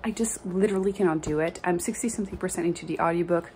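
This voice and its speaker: A woman's voice: fairly low pitch, rapid-fire, a little mellow, husky. A woman with a French Canadian accent, a native French speaker, chatting casually and venting in a book vlog, with frequent laughs and fillers. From Quebec, Canada. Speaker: book vlogger.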